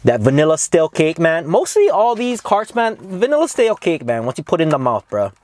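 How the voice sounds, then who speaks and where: A man's voice: on the high side, huge pitch swings, a little fast, a little mellow, a little hiss or hum. Slangy, swearing young man reviewing weed. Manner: laid-back slangy, swears a lot, calls viewers dog and bro. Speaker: cannabis reviewer. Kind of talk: casual vlog review.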